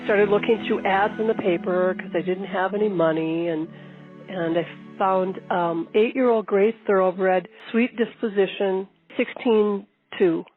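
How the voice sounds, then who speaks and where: An older woman telling her story in a documentary interview, lively and repeating phrases for emphasis. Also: medium pitch, unhurried, phone-quality sound, faint music behind. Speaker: long-distance horseback rider.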